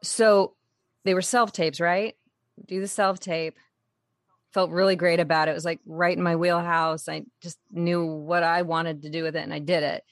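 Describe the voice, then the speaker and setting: An actress talking through her story in a loose interview, animated and quick to laugh. Her voice sits a little low for a woman. The sound is dry, with no room echo. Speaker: actress guest. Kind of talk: casual interview chat.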